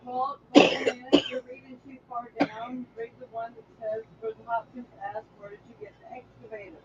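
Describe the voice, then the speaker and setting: A woman's voice: fairly high pitch, steady tone, brisk, highs cut off, slight background noise. A woman co-hosting a casual livestream, chatting and reading viewer comments. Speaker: co-host of a livestream. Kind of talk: casual chat.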